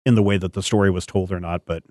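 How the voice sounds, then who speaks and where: Male podcast host, low pitch, dry close sound, meandering chatty delivery. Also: steady tone, fast talker, warm tone, no echo. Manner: rambling, thinks aloud with many fillers. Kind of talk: casual podcast discussion.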